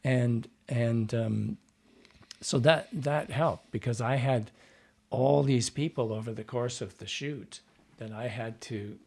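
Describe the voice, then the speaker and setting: A man's voice: medium pitch, slow pace, gravelly, a little mellow. A man who works as a dialect coach, telling stories in a rambling, casual interview with many fillers and restarts.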